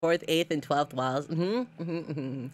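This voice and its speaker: Low, unhurried woman streamer chatting. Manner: chatty, gushing, reads chat aloud. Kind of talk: casual live-stream chat.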